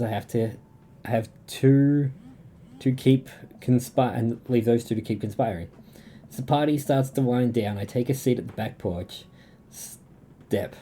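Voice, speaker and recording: A man's voice: medium pitch, dark tone. A young Australian man streaming a dating game, reading its lines aloud and chatting between them. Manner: reads game dialogue in a plain voice, breaks off to chat and laugh.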